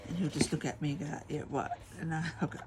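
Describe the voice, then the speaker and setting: A woman's voice: low-pitched, flat delivery, fast, background noise. A middle-aged woman, chatting casually and telling rambling stories while she crafts at home. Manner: rambling storytelling with many fillers. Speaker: craft vlogger.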